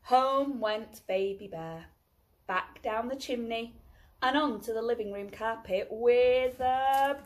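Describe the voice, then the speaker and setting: A woman teacher reading a picture book aloud to children in an expressive, storytelling way. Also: fairly high pitch, slow.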